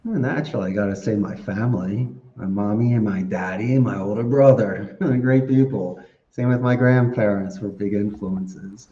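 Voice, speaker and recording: A man answering podcast questions in a chatty, animated way, laughing often as he tells stories. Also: fairly low pitch, normal speed. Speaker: podcast guest. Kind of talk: casual interview answers. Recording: roomy, dull lo-fi podcast audio.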